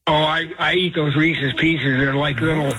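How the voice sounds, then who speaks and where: A man's voice: fairly high pitch, fairly even intonation, normal speed, crowd noise, low-quality recording. A man in his eighties from Oregon, calling in to a radio show and rambling fondly with effusive praise. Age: 80s. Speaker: radio caller. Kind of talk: phone-in chat.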